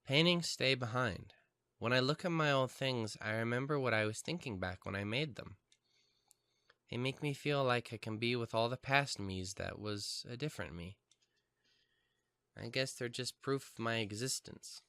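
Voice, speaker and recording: A man voicing a soft, spacey young art student girl. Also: mid-range voice, normal speed, smooth, dry recording, voice pushed down, lightly acted. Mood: dreamy. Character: quiet dreamy young female art student.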